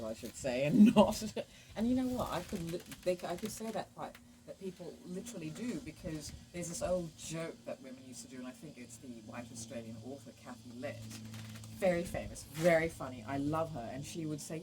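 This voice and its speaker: A woman's voice: low voice, lively intonation, fairly quick, noisy background. A woman with a British accent, chatting casually and frankly as a podcast host, often laughing as she rambles. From England. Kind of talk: casual chat. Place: outdoors at home, laundry in the sun.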